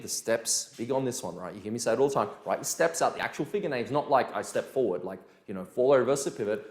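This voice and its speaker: A man teaching a dance lesson in a casual, energetic way, counting beats aloud. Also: mid-range voice. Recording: echoey room with music behind.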